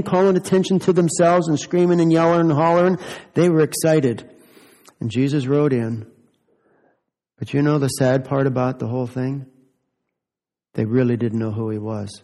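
A man's voice: fairly high pitch, normal speed, pauses often, darkish tone, long reverb tail. A man giving a children's sermon as a pastor, asking playful, teasing questions of the children.

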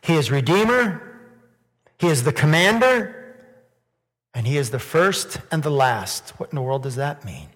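A man preaching a sermon in church, asking rhetorical questions and building to loud, emphatic peaks. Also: a little high, big pitch swings, a little slow, long pauses. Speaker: pastor. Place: church sanctuary. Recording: long hall reverb.

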